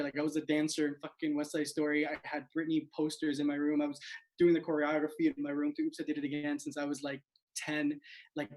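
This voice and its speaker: Over a rough-sounding video call, a South Florida man in his late twenties hosts and tells a stand-up story at his own expense. He talks at a normal speed in a fairly high, steady voice, filling his chatty delivery with "like".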